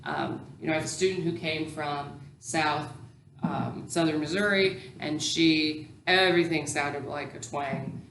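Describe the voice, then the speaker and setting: A woman's voice: sits low, unhurried, a bit bright, reverberant, slight background noise. A woman teacher educator giving a recorded lecture, explaining patiently with many ums and restarts.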